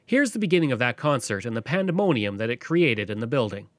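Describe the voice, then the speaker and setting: A man hosting a podcast, narrating history from a script in a lively storytelling way. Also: medium pitch, fast talker, dry recording, clean studio sound. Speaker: podcast host.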